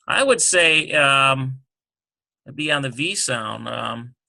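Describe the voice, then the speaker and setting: A man teaching a relaxed language lesson, working through words slowly and thinking aloud with many fillers. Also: mid-range voice, creaky. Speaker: Hebrew teacher.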